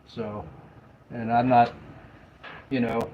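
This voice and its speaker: A man's voice: medium pitch, takes it slowly, long pauses, a little mellow, slight background noise, low-quality recording. A middle-aged man hosting a live stream, chatting casually, rambling and laughing often as he mocks commenters.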